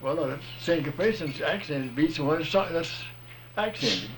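A man's voice: a little high, expressive, unhurried, background noise. Folksy man explaining music patiently. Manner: folksy, plain-spoken, patient, rural phrasing. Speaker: music teacher explaining rhythm. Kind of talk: casual explanation.

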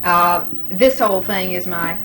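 A woman's voice: lowish voice, unhurried, fairly bright tone, faint music behind, rough recording. A woman interviewer who patiently prompts answers by starting sentences and leaving them for the other person to finish. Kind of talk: dialect survey interview.

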